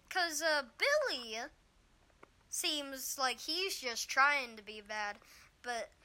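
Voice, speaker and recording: A young woman telling a storytime vlog about bullies at school, rambling and exasperated with lots of fillers, slightly hoarse after being sick. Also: high-pitched, pushed and bright. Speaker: vlogger.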